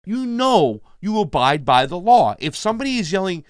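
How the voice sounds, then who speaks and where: A man's voice: high voice, big pitch swings, fast, no room sound, clean studio sound. A man co-hosting a political commentary show, talking casually and reading out viewer comments. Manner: casual, reads viewer comments, says fam. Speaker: co-host.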